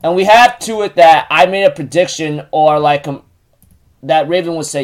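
A man casually recapping a show episode, halting often with fillers and restarts. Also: fairly high pitch, steady tone. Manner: repeats stock phrases while retelling.

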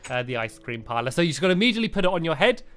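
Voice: mid-range voice, rapid-fire, slight background noise. A gaming host playing a game and acting a fussy ice cream shopkeeper in playful role-play. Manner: animated, laughing, playful shopkeeper bits.

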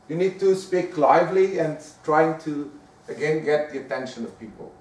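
A man gives a chatty lecture and keeps checking in with the room. His voice sits fairly high. He is picked up from across an echoey lecture room. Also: normal speed, recorded from a distance, slight background noise. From Portugal. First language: Portuguese. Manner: lively, conversational, often asks the room "right?". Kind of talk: lecture on giving presentations.

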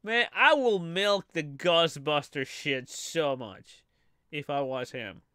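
Lively high-voiced man reacting, swearing. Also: slow pace, clean tone, no echo, studio quality. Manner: animated, profane, laughs often. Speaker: streamer reacting to a trailer. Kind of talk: casual live-stream reaction.

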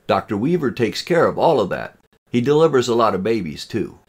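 A man's voice: medium pitch, very animated, pitched above the performer's own voice. A man voicing an opinionated young female student who states her views firmly. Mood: assertive. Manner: firm, quick to object.

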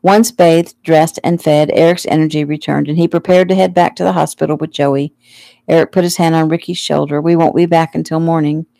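A woman casually reading her own novel aloud at home, relaxed and unhurried. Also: low voice, vocal fry, no room sound. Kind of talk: casual audiobook narration.

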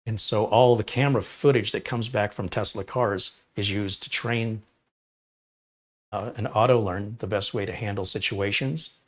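A man's voice: fairly low pitch, steady tone, moderate pace, a bit bright. Emphatic man hosting a tech livestream. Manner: opinionated, emphatic, enthusiastic. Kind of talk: live stream chat with viewers.

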